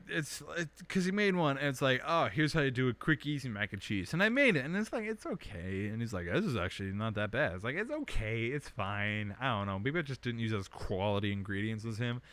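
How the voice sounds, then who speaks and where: A young man hosting a casual livestream from home, rambling with lots of fillers and bursts of animated complaint. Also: mid-range voice. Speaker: podcast host. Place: indoors at home under a blanket.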